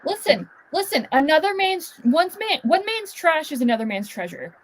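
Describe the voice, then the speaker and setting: A woman's voice: high-pitched, very animated, normal speed. A woman chatting casually with friends about books, blunt and opinionated, with faint background noise. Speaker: guest. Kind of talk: casual chat on a group video call.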